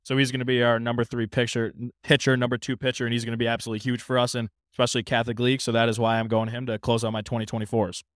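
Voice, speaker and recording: A man taking part in a player draft, explaining his picks in a relaxed, easygoing way. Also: medium pitch, very fast, few pauses, dry recording, studio quality. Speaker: draft participant. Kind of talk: casual talk.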